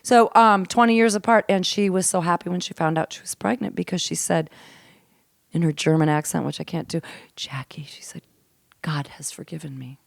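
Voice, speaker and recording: A woman comedian telling a family story as a podcast guest, animated and given to laughter and swearing, dropping to a hush for the grim parts. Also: fairly low pitch, brisk, creaky, no room sound, clean studio sound. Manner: laughs often, swears casually. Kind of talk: casual storytelling chat. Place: host's home.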